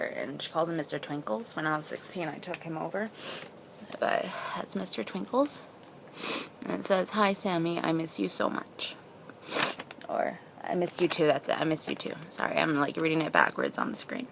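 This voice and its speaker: A young woman with a low, deep-set voice talks candidly to her camera, wandering between thoughts and leaning on "like" as she goes. Steady hiss and background noise sit under the whole recording. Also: gravelly. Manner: rambling, heavy use of "like". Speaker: vlogger. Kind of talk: personal confessional vlog.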